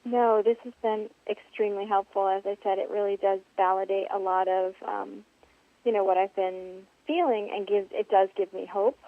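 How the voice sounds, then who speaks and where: A woman calling in over a tinny, dry phone line. Her voice sits at an ordinary middle pitch, and she speaks in a polite, earnest way with formal courtesies. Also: fairly even intonation, moderate pace, no room sound. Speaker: caller.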